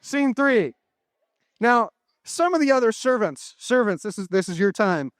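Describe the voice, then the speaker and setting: A man's voice: high voice, animated, measured pace, no echo, studio quality. A man leading elementary students in a playful, interactive Bible story, directing the children as they act it out. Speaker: chapel speaker for elementary students. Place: school chapel with children.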